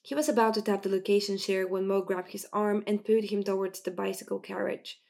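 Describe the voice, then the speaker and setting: Reading an audiobook fairly quickly, a woman tells the story in a steady, even way. Her voice is medium in pitch and creaky.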